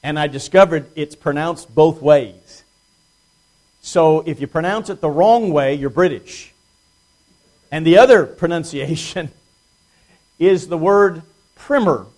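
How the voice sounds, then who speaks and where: A man's voice: on the high side, a little slow, long pauses, a little mellow. Plainspoken male preacher, dry humor. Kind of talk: evening Bible study sermon. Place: church congregation.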